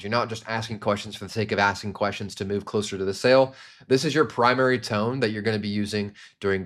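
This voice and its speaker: A young man with a fairly low voice teaches sales techniques in an instructional monologue. He talks with energy and now and then slips into short acted example lines to show a tone. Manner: energetic, demonstrates tones with quick acted examples. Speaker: sales coach.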